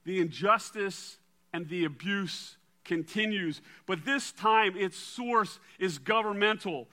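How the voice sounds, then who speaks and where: A man preaching a sermon and reading scripture aloud in a dramatic way, dropping to a quiet low voice for emphasis. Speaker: pastor.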